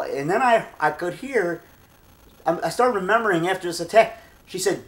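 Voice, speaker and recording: Chicago man, 50s, slightly high voice, digressive storyteller who trails off and repeats himself. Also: expressive, normal speed, fairly bright tone. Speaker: vlogger. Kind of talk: rambling personal story.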